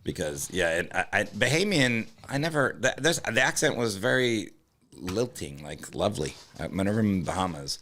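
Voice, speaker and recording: A man co-hosting a comedy podcast, chatting casually with dry, deadpan jokes. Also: on the low side, moderate pace. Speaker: podcast co-host.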